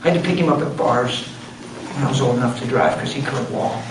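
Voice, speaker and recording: A man with a mid-range voice preaches a sermon quickly, telling a story with emphasis and acting out the quoted lines. The mic sits at a distance in a roomy hall, and background noise can be heard.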